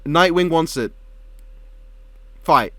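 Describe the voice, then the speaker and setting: A man co-hosting a casual commentary chat, animated and swearing freely. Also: on the high side, slow pace, no echo. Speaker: co-host.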